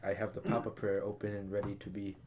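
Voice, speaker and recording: A young man on a podcast with friends, throwing in short teasing remarks in a slow drawl. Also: on the low side, completely flat delivery, a little mellow, a little hiss or hum. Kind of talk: casual banter.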